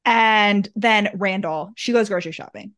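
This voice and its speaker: A woman's voice: mid-range voice, normal speed, fairly bright tone. A woman co-hosting a podcast, animatedly recapping a book and swearing freely as she acts out the quotes. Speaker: podcast co-host. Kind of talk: casual chat, book recap.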